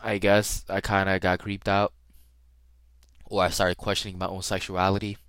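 A man's voice: deep voice, level tone, normal speed, fairly bright tone, clear, resonant tone, no room sound. A young man hosting a podcast, telling a story in a rambling, slang-filled way with many restarts. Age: young adult. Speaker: podcast host. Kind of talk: casual solo storytelling.

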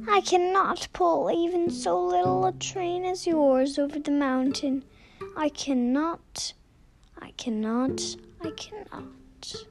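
A woman's voice: high voice, creaky, exaggerated voice. A woman doing a weary, sighing old engine. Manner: sighing, tired, half whispered.

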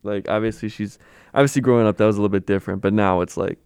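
Smooth-voiced young man, joking. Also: on the low side, racing, a little mellow, no room sound, studio quality. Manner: joking, playful, acts out silly voices. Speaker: podcast co-host. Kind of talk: casual chat.

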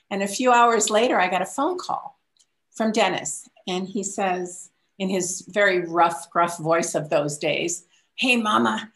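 An older woman tells a long personal story in a relaxed, chatty way. She laughs often and lifts her voice to play the people she quotes. Her pitch sits in a middle range. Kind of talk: casual storytelling.

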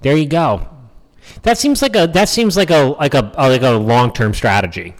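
A man's voice: mid-range voice, lively intonation, moderate pace, in a large hall. A man hosting a political podcast, talking in a wry, sarcastic, rambling way. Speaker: podcast host.

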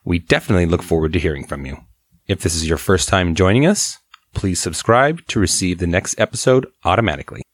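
A man producing a podcast, reading its outro in a brisk, even delivery. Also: low voice, slightly rough, no echo. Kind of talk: read outro.

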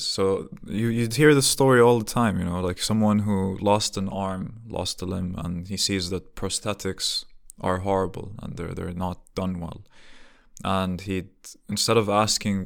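A young man with a very deep voice that often drops into gravel muses aloud in a loose, casual monologue. He circles his thoughts with rhetorical questions and restarts his sentences as he goes. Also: fairly even intonation, moderate pace.

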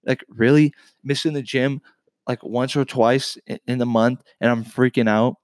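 A man's voice: mid-range voice, steady tone, normal speed, a little mellow, no room sound. A man giving an earnest, encouraging talk about losing weight, speaking straight to his viewers and repeating his points. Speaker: weight loss vlogger. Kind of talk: motivational talk to camera.

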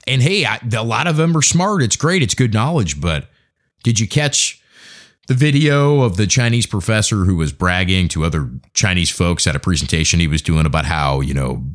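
A low-voiced American man rants through a solo podcast monologue, his pitch leaping up and down as he builds his points. He talks casually and swears freely, swinging between sarcasm and emphasis. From United States. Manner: ranting, profane, conversational. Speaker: podcast host. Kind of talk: opinion monologue.

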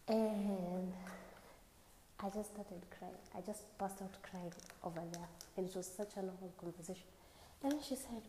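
A woman's voice: medium pitch, normal speed, noisy background. A young woman with a Kenyan accent, hosting a podcast and telling a story in a chatty way. She mixes English with Swahili slang and laughs often. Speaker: podcast host. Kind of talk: casual storytelling.

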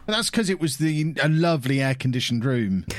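A man's voice: mid-range voice, expressive, brisk, no echo, clean studio sound. A man hosting a gaming podcast, chatting casually with joking, self-deprecating banter. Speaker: podcast host. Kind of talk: casual chat.

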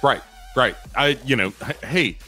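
A man co-hosting a podcast, talking over a film in halting, casual speech with sudden rises when making a point. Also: mid-range voice, bright, forceful tone, soft background music. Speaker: podcast co-host. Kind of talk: casual movie review chat.

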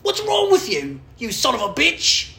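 A man putting on a shrill, exaggerated voice for a male rock guitarist who berates a nervous fan. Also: wildly swooping pitch, unhurried, gravelly, sharp tone, reverberant, heavily acted. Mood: scolding.

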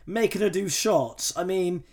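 A man's voice: sits high, measured pace, darkish tone. A man co-hosting a film review podcast, chatting casually, swearing freely, laughing and slipping into mocking impressions. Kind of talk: casual chat.

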